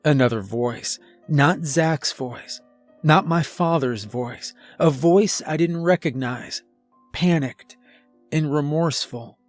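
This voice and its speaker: A man narrates a first-person horror story at a very slow, deliberate pace. His voice is dry and close to the mic, with faint music beneath it. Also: fairly high pitch, no room sound. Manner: slow and measured.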